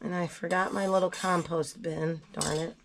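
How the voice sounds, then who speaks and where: A woman's voice: fairly low pitch, fairly even intonation, normal speed. Woman vlogger under the weather, blunt and chatty, home kitchen with faint dish noise. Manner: chatty, blunt, self-deprecating asides. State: sick, voice not at its best. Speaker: gardening vlogger. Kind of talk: casual kitchen how-to chat.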